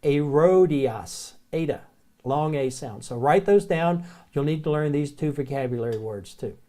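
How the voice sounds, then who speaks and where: A man with a Southern American accent teaching the Greek alphabet in a relaxed, chatty way, slowly repeating each word. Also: on the high side. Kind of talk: recorded classroom lecture.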